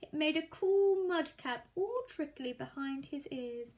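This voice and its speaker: Expressive woman reading a children's story. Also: high-pitched, unhurried. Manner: expressive, explains words for children. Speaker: storytime reader.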